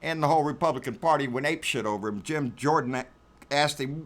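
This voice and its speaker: A man's voice: on the high side, quick pace, a bit bright. A man hosting a casual political commentary rant, talking in a sarcastic, profane way and repeating himself for emphasis.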